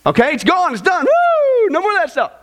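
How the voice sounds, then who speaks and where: A man preaching a sermon to a congregation, telling jokes and stories in an animated way. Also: extremely high pitch, quick pace. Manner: animated, joking storyteller. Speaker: pastor. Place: church before a congregation.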